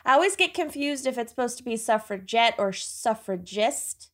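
A woman's voice: on the high side, animated, normal speed, a bit bright. A woman co-hosting a podcast in casual chat, laid-back and laughing, swearing casually. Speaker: podcast co-host.

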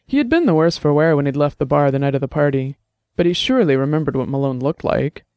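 A man reading a novel aloud in steady, scripted audiobook narration. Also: a little high, clean tone, dry recording, clean studio sound.

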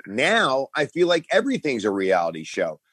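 A middle-aged man telling stories as a guest in a casual interview, animated and acting out quotes in different voices. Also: mid-range voice, moderate pace, husky, dry recording. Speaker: guest, pro wrestling star.

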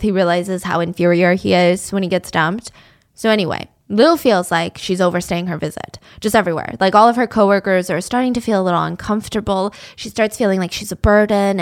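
A young woman telling a true-crime story in a casual, chatty way, full of "like". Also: fairly high pitch. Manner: chatty, lots of "like".

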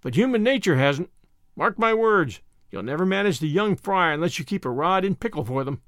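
A man's voice: high-pitched, animated, fairly quick, fairly bright tone, no echo, studio quality. A man voicing a blunt, teasing older farmer with folksy speech in a storybook reading.

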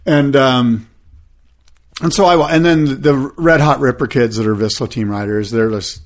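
A man's voice: mid-range voice, normal speed. Laid-back surfer guy telling stories. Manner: relaxed, rambling storytelling with surfer slang. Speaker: podcast co-host. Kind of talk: casual chat.

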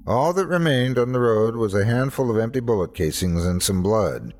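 A man's voice: on the low side, very animated, moderate pace, darkish tone. A man hosting and narrating a scripted horror story in a tense, dramatic first-person telling. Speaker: host and narrator.

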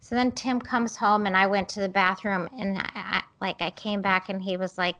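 A woman's voice: medium pitch, steady tone, normal speed, hardly any pauses, a bit bright, a little hiss or hum. A woman in her thirties co-hosting a podcast, telling rambling, self-deprecating stories in casual chat with many fillers. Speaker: podcast co-host.

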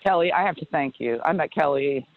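A woman's voice: low-pitched, lively intonation, fairly quick, phone-quality sound. A woman on a panel call who speaks in a chatty, grateful way, a little off the mic. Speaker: panel participant. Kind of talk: casual chat on a call.

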